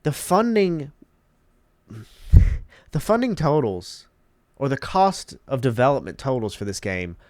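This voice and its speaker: A man's voice: mid-range voice, no echo, studio quality. A congested man hosting his own channel, giving emphatic, opinionated commentary and repeating key words for effect. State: congested, stuffed-up nose. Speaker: channel host.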